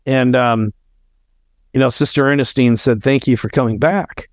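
A man's voice: mid-range voice, fairly even intonation, normal speed. A middle-aged man speaks as a podcast guest, telling a heartfelt story in an earnest, conversational way. He acts out bits of dialogue as he goes. His voice sounds close and dry, with no room echo. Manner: earnest, heartfelt, tells stories with quoted dialogue.

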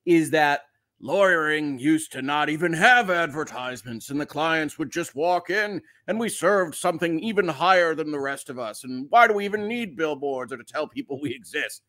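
A man's voice: a little high, animated, moderate pace, sharp tone. A man voicing a self-serious senior law partner, talking in a solemn, weighty tone. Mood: grave. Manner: solemn, weighty, full of gravitas.

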